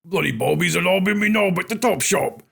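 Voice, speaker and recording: Woman putting on a gravelly bloke with a West Country-Cockney twang. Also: fairly low pitch, animated, brisk, a bit bright, exaggerated voice. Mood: boastful. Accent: West Country drifting into Cockney. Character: crude boastful British bloke, adult man.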